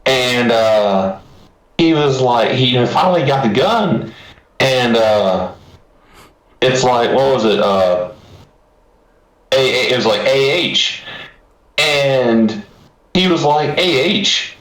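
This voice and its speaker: Man, casual film review chat, unhurried, reverberant room. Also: medium pitch. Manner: animated retelling of scenes, acts out quotes. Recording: roomy echo.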